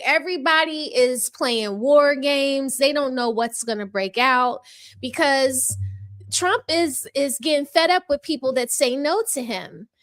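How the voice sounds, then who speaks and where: A woman's voice: a little high, a bit bright. A woman hosting a casual political commentary show, chatty and rambling as she reads news articles aloud and talks to her viewers.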